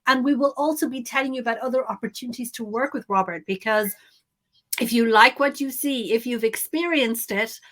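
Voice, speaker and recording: A woman guest in a live interview, talking briskly and enthusiastically to listeners about an online course. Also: fairly high pitch, a bit bright. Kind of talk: upbeat promotional chat in a live interview.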